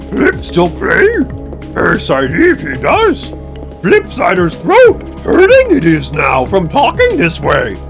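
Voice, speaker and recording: Guy doing a squeaky little old alien master, talks backwards, slow and wise-sounding, faint music behind. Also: full character voice. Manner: inverted word order, slow and drawn out. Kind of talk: goofy impression during a game stream.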